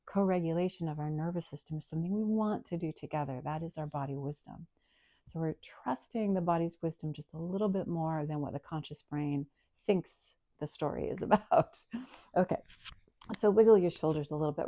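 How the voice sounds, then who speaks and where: A woman yoga teacher guiding a breathing practice in a calm, soft-spoken, explanatory way. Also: lowish voice, moderate pace, no room sound. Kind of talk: guided breathing and yoga instruction.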